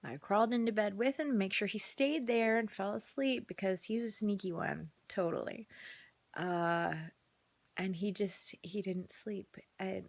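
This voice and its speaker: An exhausted mother with a medium-pitched voice tells a casual vlog story about a long night at a measured pace. Chatty, she often slips into a whisper, recorded dry on a phone camera.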